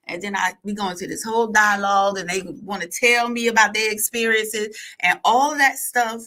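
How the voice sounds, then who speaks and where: A middle-aged woman guest on a podcast, chatting casually and telling stories in a slangy, animated way with frequent laughs. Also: mid-range voice, fairly quick, hardly any pauses. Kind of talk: casual chat. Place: podcast studio.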